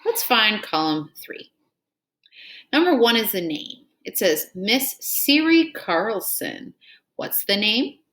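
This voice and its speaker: A woman's voice: medium pitch, big pitch swings, a little slow, a bit bright. A woman teaching an elementary reading lesson, prompting children item by item and praising their answers, then reading a story aloud with care. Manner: call-and-response prompting, repeating "what word?" after each item; patient and encouraging, praising answers. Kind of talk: scripted reading drill and read-aloud.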